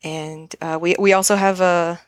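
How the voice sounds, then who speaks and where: A woman with a fairly low voice talks casually as a podcast guest. She is relaxed and friendly, with plenty of fillers. The sound is dry and close. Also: moderate pace, dry recording. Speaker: podcast guest, game developer. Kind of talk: casual interview chat.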